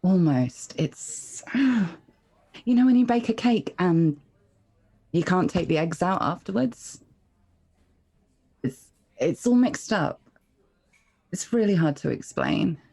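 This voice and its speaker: A woman voicing a coy, playful female shadow being in a tabletop game, talking in a slow, musing way. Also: on the low side, lively intonation, gravelly, mellow, breathy edge, full character voice.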